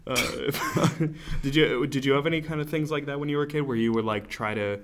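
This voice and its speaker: A man's voice: medium pitch, fairly even intonation, a little fast. Laid-back young man, rambling chat. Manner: rambling, self-deprecating, laughs often. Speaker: podcast host. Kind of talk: casual chat.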